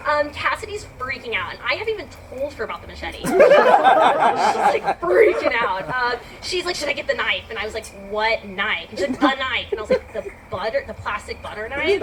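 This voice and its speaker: A woman's voice: high voice, big pitch swings, moderate pace, over a noisy crowd. A woman telling a personal story to a live audience in a chatty, filler-heavy way. She laughs often and acts out her own reactions. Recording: distant mic with background noise.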